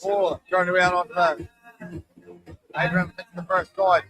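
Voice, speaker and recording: A man's voice: high-pitched, little pitch movement, normal speed, pauses often, fairly bright tone, rough recording. A middle-aged man giving live, chatty sports commentary, tired after a long day and calling out running tallies. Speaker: shearing commentator. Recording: clear music behind the voice.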